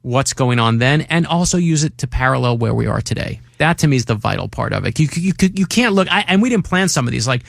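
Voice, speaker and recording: Gravelly man telling animated stories. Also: medium pitch, fast talker, few pauses, no room sound, clean studio sound. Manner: excited storyteller who acts out quotes. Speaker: author guest. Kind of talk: radio studio interview. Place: radio studio. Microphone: studio microphone.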